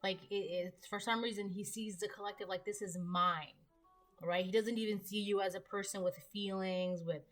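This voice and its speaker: A woman's voice: mid-range voice, steady tone, fairly quick, hardly any pauses, faint music behind. A woman giving a casual tarot reading to camera, chatty and rambling with many fillers and asides. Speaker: tarot reader.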